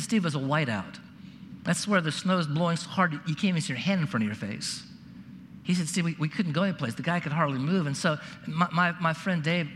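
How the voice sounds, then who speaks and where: A man's voice: a little high, a bit bright, slight background noise. A man preaching a sermon, telling a story earnestly and often repeating words as he presses a point. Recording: reverberant hall, faint ambience.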